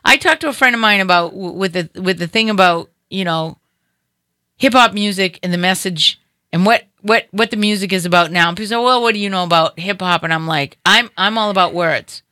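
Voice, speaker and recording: A middle-aged woman hosting a casual chat, telling an animated story and acting out other people's voices. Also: mid-range voice, brisk, dry recording.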